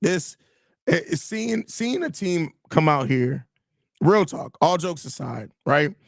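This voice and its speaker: A man's voice: on the high side, animated, slow pace, gravelly, dry recording, studio quality. A man hosting a sports podcast, venting in a frustrated, profane rant full of repeated phrases while reacting to listener comments. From Chicago area. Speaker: podcast host. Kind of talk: live podcast reacting to chat.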